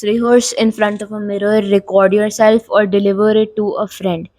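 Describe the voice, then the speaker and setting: Young female tutorial host, mid-pitched, casual explainer, dead-dry room. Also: a little mellow, no room sound. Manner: casual and instructive, frequent "like" fillers. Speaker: YouTube host giving tips. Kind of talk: talking-head tutorial.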